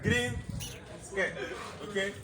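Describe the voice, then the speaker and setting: A man's voice: high-pitched, fairly even intonation, very slow, a loud crowd. A man teaching a French class, drilling words and having students repeat them. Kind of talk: classroom language lesson.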